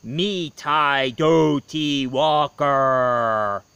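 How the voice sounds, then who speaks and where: A man voicing a ghostly decapitated head that calls out slowly and sadly from a fireplace. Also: medium pitch, creaky, bright, forceful tone, clear, resonant tone, no room sound, full character voice. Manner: drawn-out, hollow, sad calling.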